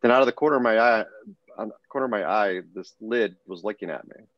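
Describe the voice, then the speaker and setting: A middle-aged man, a podcast guest, telling a personal story in an earnest, animated way, often restarting his sentences. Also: on the low side, fast talker, no room sound, highs cut off. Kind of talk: casual storytelling interview.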